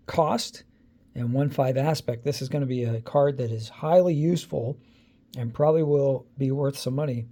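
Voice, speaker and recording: Gravelly-voiced man chatting through an unboxing. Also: a little high. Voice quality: gravelly, dark voice. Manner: chatty, thinking aloud with many fillers. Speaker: card-opening channel host. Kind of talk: casual unboxing commentary.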